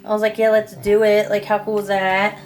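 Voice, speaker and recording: A woman's voice: medium pitch, little pitch movement, fairly quick, a little mellow, soft background music. Chatty woman rambling through a declutter. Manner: chatty, rambling, self-deprecating, swears casually. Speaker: beauty vlogger. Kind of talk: casual makeup declutter chat.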